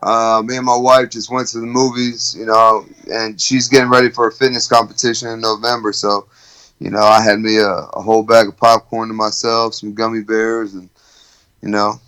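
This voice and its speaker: Laid-back man, smooth voice. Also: on the low side, little pitch movement, moderate pace, fairly bright tone, rough recording. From Alabama, USA. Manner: laid-back, joking, says "man" often. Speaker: professional fighter, guest. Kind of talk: casual interview.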